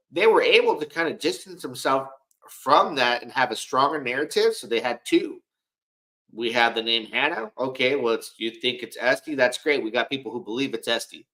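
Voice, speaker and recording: A man's voice: medium pitch, normal speed, a bit bright, rough recording. Rambling man hosting a livestream. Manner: rambling, repeats and restarts words. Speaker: livestream host. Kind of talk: casual livestream commentary.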